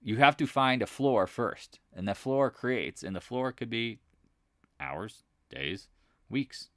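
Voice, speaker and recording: A man's voice: medium pitch, expressive, slow, a bit bright, no echo, clean studio sound. A man hosting a live market chat, talking in a loose, rambling way and often restarting his sentences. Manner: rambling, conversational, restarts and repeats himself.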